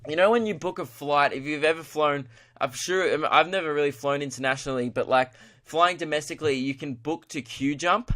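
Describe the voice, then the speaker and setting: Aussie guy on his podcast, kinda high voice, swearing and cracking up while telling stories. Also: brisk, fairly bright tone. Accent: Australian. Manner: laughing, swearing storyteller, acts out quotes. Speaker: podcast host and comedian. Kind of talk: casual comedic rant. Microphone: podcast mic.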